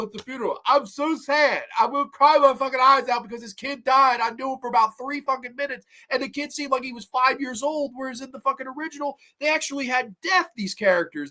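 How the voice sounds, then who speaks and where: Profane, lively-voiced male movie ranter. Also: very high-pitched. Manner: profane, heated, sarcastic. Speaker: horror movie reviewer, host. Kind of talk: solo movie review rant.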